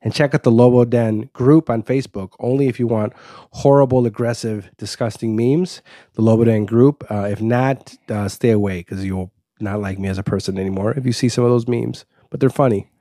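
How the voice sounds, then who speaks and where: Chicago guy rambling fast on a podcast, mellow tone, dry close sound. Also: mid-range voice, fairly even intonation, no echo. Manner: fast-talking, rambling and self-deprecating. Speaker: podcast guest, comedian. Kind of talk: casual podcast chat.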